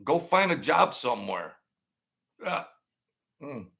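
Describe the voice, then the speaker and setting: A man's voice: medium pitch, sing-song, slow, vocal fry, sharp tone. A man hosting his own channel, delivering combative, sarcastic political commentary and repeating lines for emphasis.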